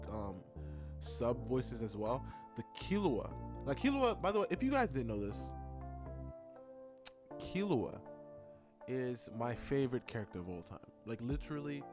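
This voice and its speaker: A man chatting casually in a rambling, excitable way while narrating his drawing video. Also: medium pitch. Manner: rambling, excitable, with many fillers. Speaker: art content creator.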